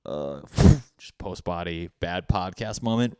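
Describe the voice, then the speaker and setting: Young male podcast host, solo comic monologue, rambling and self-deprecating, smooth tone, dry close sound. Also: fairly low pitch, measured pace, dry recording. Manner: rambling, self-mocking, bursts into mock voices.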